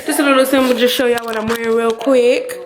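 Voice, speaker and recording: A woman's voice: a little high, fairly even intonation, quick pace, reverberant, a crowd in the background. Laid-back Caribbean woman vlogging. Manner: laid-back, chatty, trails off with fillers. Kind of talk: casual travel vlog chat. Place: outdoors at a resort.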